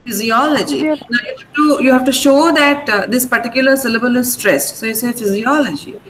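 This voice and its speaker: A woman teaching English pronunciation in an online class, sounding out words slowly syllable by syllable in a firm, instructive manner. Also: high voice, a bit bright, a little hiss or hum, rough recording. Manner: slow deliberate syllable-by-syllable pronunciation. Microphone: video call.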